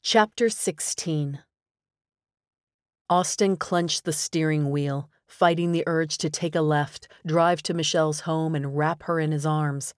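A woman narrating a romance audiobook with measured, even pacing. Her voice sits low, and the recording is dry and close. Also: no echo. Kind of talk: scripted narration.

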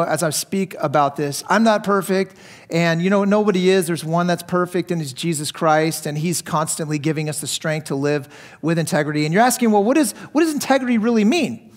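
Male lead pastor, high-pitched voice, lively conversational sermon delivery, jumps into acted quotes. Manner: animated, acts out quotes with jumps in pitch and volume; conversational, with restarts and light laughter. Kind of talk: sermon with storytelling.

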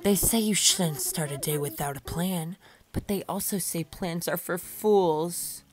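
A prim and earnest eagle lady from a cartoon game, as a woman puts her on. She speaks softly and evenly, measured and a little low, like a polite neighbor.

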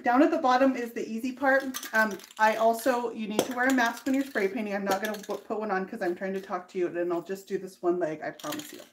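A woman's voice: mid-range voice, fairly even intonation, fast talker, hardly any pauses, noisy background. A woman hosting a live furniture painting demonstration in her workshop, explaining each step in a chatty way and laughing easily. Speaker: furniture painter and tutorial host.

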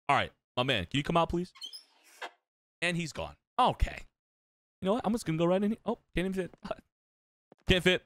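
A man's voice: high-pitched, very animated, a little fast, long pauses, a bit bright. A young man giving profane, jokey reactions while commentating a horror game. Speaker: gaming YouTuber.

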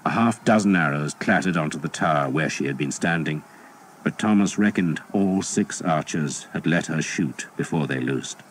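A deep-voiced man narrates an audiobook in a steady, measured way. A faint hiss sits under his reading.

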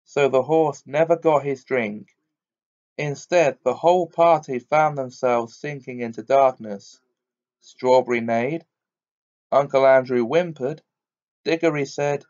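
A man reading a children's novel aloud as audiobook narration in a measured, deliberate way. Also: mid-range voice, a little mellow. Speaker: audiobook reader. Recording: dull lo-fi recording.

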